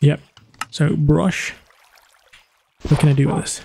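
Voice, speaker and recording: A man's voice: a little high, level tone, vocal fry, mellow, a little hiss or hum. Joking man narrating his game. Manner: chatty self-narration, joking, quick exclamations. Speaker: gaming channel host. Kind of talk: let's play commentary.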